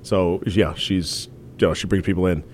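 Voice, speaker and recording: A man's voice: low voice, steady tone, normal speed, a little mellow. A man hosting a casual chat show, talking loosely with restarts and laughter. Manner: chatty, stumbles and restarts, laughs often. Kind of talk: casual chat about wrestling.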